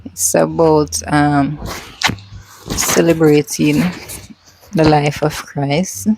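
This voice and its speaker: A woman with a Jamaican accent chatting casually in a vlog, relaxed and slipping into patois. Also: sits low, very slow, vocal fry, a little hiss or hum, poor audio. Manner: relaxed, mixes patois into chat. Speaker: vlogger.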